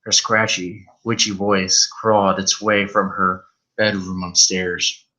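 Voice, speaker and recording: A man's voice: deep voice, flat delivery, slow pace, sharp tone, low-quality recording. A man reading a horror story aloud on a live stream, stumbling over words now and then and swearing in asides.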